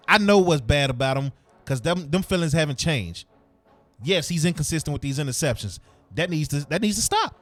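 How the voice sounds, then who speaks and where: A man's voice: on the high side, expressive, a little fast, fairly bright tone, no echo, faint music behind. A man hosting a sports podcast, ranting heatedly in casual slang. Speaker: podcast host.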